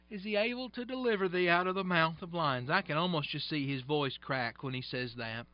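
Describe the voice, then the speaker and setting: High-voiced preacher, dull dry sound. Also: male voice, a little fast, hardly any pauses, no room sound. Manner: reads scripture aloud, then explains it in plain folksy asides. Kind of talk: sermon.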